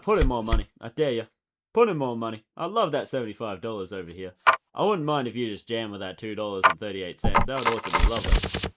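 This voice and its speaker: A man giving casual running commentary as he plays online poker, thinking aloud and swinging from excited outbursts to low muttering. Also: heavy background noise.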